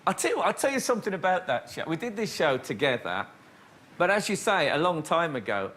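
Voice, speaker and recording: Laughing male comedy host, lively high voice. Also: a little fast. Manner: playful anecdote telling, lots of laughing. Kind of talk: comic chat with studio audience. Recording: loud studio audience laughter and noise.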